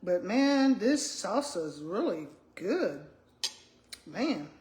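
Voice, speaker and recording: Slow-talking older woman. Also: medium pitch, sing-song, a little mellow. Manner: chatty, talks with her mouth full, calls viewers "y'all". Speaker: vlogger, retired school principal. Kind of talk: casual live-stream chat while eating. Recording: echoey room.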